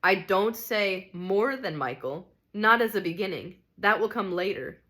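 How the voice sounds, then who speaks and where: A patient, gentle male spirit, voiced by a woman reading aloud. He speaks in a calm, measured and reasoning way. It is an audiobook character reading. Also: mid-range voice.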